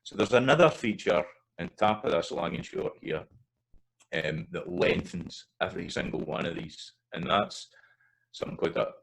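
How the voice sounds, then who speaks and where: A Scottish man, working as a language teacher, gives a recorded pronunciation lesson over slides, repeating vowel examples with loose, hesitant asides. His voice is low, sing-song and creaky at a moderate pace, and the recording quality is poor.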